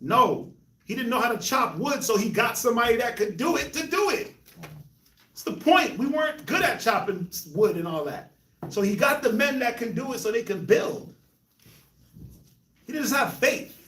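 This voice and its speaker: A man's voice: very high voice, expressive, moderate pace, pushed and bright, echoey room, recorded from a distance. A man hosting a casual Bible discussion, laughing often and talking in loose slang. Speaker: host of a Bible discussion show.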